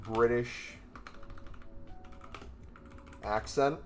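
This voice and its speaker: A man's voice: mid-range voice, steady tone, drawn-out words, faint music behind. A man in casual chat, playful and amused, giving spoken prompts to an AI. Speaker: gaming content creator.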